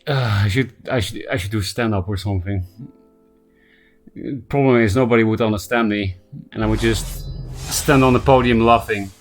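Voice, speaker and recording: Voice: mid-range voice, moderate pace, long pauses, soft background music. A game streamer chatting casually with viewers, self-mocking and repeatedly breaking into helpless laughter. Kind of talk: casual live-stream chat.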